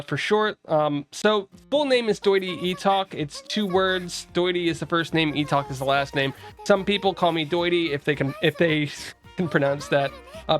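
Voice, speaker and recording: This is a casual livestream in which a young man from the US East Coast talks with his audience, says hello, and reads out chat. His fairly high, slightly bright voice comes over faint background music.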